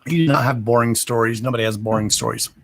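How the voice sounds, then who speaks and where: A man hosting a live psychic reading stream, answering viewers slowly and deliberately and often calling them "darling". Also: medium pitch, vocal fry, fairly bright tone, a little hiss or hum. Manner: slow and deliberate, calls viewers "darling", says "okay" again and again.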